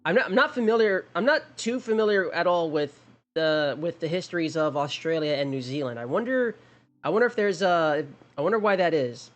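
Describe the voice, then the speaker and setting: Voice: mid-range voice, expressive, a little fast, highs cut off. Rambling, chatty game streamer. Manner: rambling, many restarts and fillers, musing aloud. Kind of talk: casual livestream chat.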